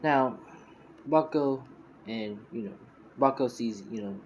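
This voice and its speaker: A man's voice: on the low side, normal speed, darkish tone, slight background noise. Rambling man telling a story off the cuff. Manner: rambling, heavy use of "you know" and "you could say"; self-correcting, loose and informal. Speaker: fan fiction storyteller. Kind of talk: casual improvised storytelling.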